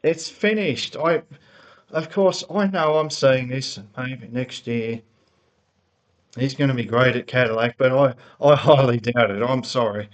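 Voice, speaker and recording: A man's voice: medium pitch, measured pace. Heated man ranting into his laptop. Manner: heated, rambling, repeats words and restarts, grows more worked up. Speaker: motorsport fan vlogger. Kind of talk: unscripted opinion rant. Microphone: laptop built-in mic.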